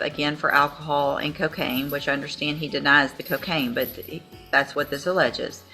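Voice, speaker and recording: A woman judge runs a courtroom hearing with a bright, forceful voice set a little low. She questions in a brisk, matter-of-fact way. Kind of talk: courtroom proceedings.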